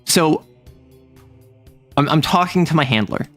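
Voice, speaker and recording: A man streaming a casual chat, telling a rambling, animated story and laughing often. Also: on the high side, a little slow, soft background music.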